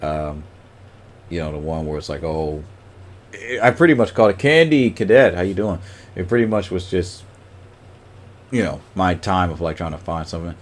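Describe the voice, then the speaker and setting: A man's voice: low-pitched, animated, moderate pace, pauses often. A man chatting casually on a livestream, greeting viewers by name and rambling with lots of fillers.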